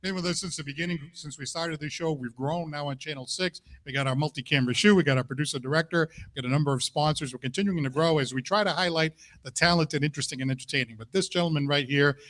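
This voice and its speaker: A man's voice: on the high side, quick pace, hardly any pauses, a bit bright. A male host of a variety show, effusive and enthusiastic as he praises and introduces guests.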